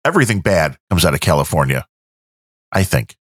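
A man's voice: extremely low pitch, very animated, brisk, no room sound, studio quality. A man hosting a podcast, rambling and joking in casual chat. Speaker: podcast host.

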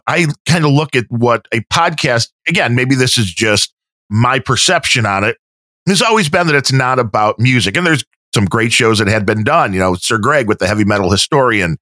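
A man co-hosting a podcast, telling stories in a measured casual chat. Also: medium pitch, sharp tone, dry recording, studio quality. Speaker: podcast co-host.

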